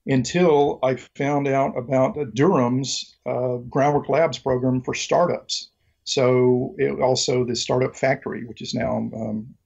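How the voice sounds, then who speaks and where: A middle-aged Mississippi man with a Southern accent is a guest in a casual interview, telling rambling, joking stories full of ums and restarts. His voice is medium-pitched and a little mellow, and the audio is dull.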